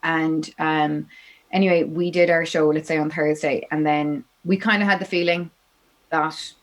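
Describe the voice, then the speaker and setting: A young Irish woman, a musician appearing as a guest on a podcast interview, tells her story chattily, peppering it with "like" and "you know". Her voice sits low with a steady tone at normal speed, and the audio quality is poor.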